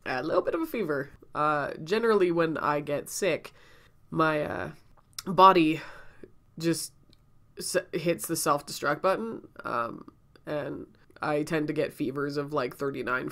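A woman's voice: low voice, gravelly, fairly bright tone. A woman telling a casual story-time vlog while sick and out of breath, chatty and rambling, often laughing and coughing between thoughts. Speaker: vlogger.

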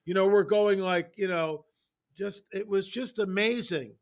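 A man appears as an interview guest, telling stories casually in an animated, emphatic way and repeating phrases. His pitch is a bit high and his pace a little slow.

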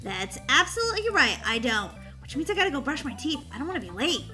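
A woman puts on a grumpy, snippy girl in a kids' skit. She talks in a lower, sulky voice than the narrator, brushing everyone off. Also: very animated, fast talker, sharp tone, faint music behind, full character voice. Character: rude, lazy girl Molly.

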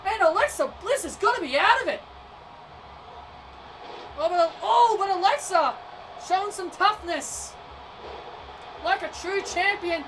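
Very high-voiced woman shouting wrestling commentary. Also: unhurried, long pauses. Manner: excitable, often shouting, stumbles and repeats words. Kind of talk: excitable play-by-play commentary over a video game. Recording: distant mic with noisy background.

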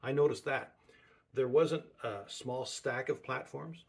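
A man preaching a sermon in a slightly husky, breathy voice at an ordinary pitch. He talks conversationally and circles back on key words again and again to drive his point home. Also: measured pace.

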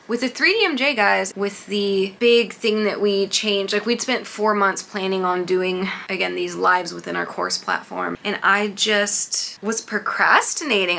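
A woman's voice: mid-range voice, fairly even intonation, brisk, creaky, few pauses, bright, forceful tone, slight background noise. A young adult woman in a casual talk-to-camera vlog, candid and rambling, swearing freely. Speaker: vlogger.

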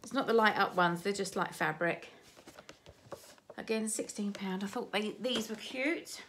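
A woman's voice: mid-range voice, a little slow, fairly bright tone, slight background noise. A woman in her fifties with grandchildren, chatting casually and rambling through a shopping haul with many restarts. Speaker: vlogger showing a shopping haul.

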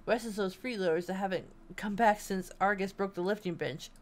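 A woman's voice: medium pitch, a little fast, natural voice. A hearty, simple male gym wolf who calls everyone brother, as a woman reads him aloud. He is friendly and proud of his strength.

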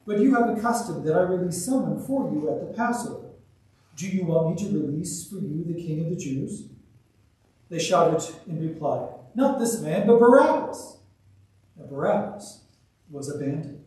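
A man giving a measured, solemn liturgical scripture reading as the church's reader. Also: fairly high pitch, warm tone. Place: church sanctuary. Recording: echoey church, distant mic.

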